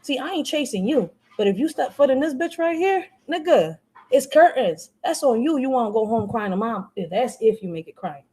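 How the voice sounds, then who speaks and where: Woman from Philly with a slightly high voice, live-stream panelist, blunt, passionate and profane. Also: animated, fairly quick, dark tone, slightly rough. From Philadelphia. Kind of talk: heated live-stream rant.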